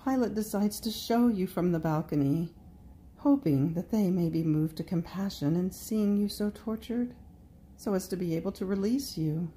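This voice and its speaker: A woman reading a devotional meditation in a slow, prayerful way, speaking directly to Jesus. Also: on the low side, mellow, a little hiss or hum. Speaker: devotional reader.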